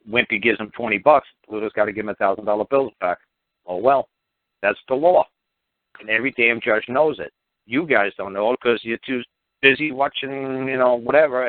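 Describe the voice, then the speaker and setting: A man's voice: medium pitch, no room sound. Blunt swearing radio host guy lecturing a caller, thin phone-line sound, dry. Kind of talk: call-in radio advice.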